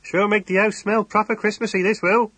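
A man's voice: sits high, level tone, fairly quick, fairly bright tone, slightly rough, no echo, pitched above the performer's own voice. A man voicing a burly, good-humoured older farmer who talks in broad rustic dialect. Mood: genial. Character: burly, genial older male country farmer.

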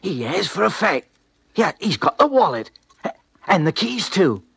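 A cheeky drifter. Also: male voice, sits high, sing-song, a little slow, creaky, a bit bright, slightly rough, heavily acted. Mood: wry. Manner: chatty, cheeky, folksy narration. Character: poor male drifter, down on his luck. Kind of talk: old-time radio drama acting.

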